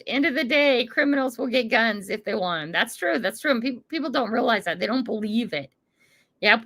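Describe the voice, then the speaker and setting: Chatty older american lady on a livestream, bright voice, a bit high, laughs a lot. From United States. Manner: chatty, laughs often, talks back to viewers' comments. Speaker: livestream host reading chat. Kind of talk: casual chat.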